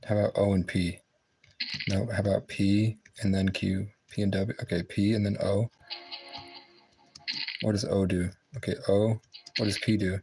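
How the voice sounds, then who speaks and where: Gravelly low-voiced man muttering at a game. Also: little pitch movement, moderate pace, pauses often, dark tone, faint music behind, low-quality recording. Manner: frustrated muttering, swearing at the game. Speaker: livestreamer. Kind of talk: casual livestream commentary while gaming. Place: room in a public building.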